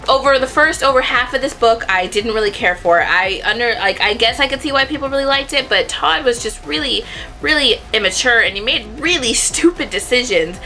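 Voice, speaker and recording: A woman's voice: fairly high pitch, bright, forceful tone. A young woman chatting casually to camera about books, rambling and correcting herself as she goes. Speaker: book vlogger.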